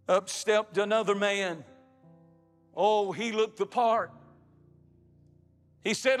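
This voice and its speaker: A man's voice: sits high, slow. A man preaching a sermon, emphatic, with dramatic rises and drops in his delivery. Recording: long hall reverb with faint music.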